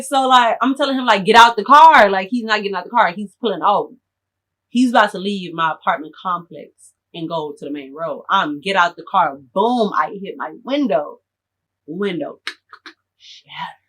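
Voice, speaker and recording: A young adult woman telling a storytime to her viewers in animated, slangy casual chat. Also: mid-range voice. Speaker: storytime vlogger.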